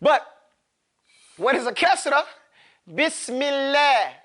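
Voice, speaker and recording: High, bright-voiced male recitation teacher. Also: animated. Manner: drills students, models recitation slowly, casual and joking. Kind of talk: classroom tajweed lesson.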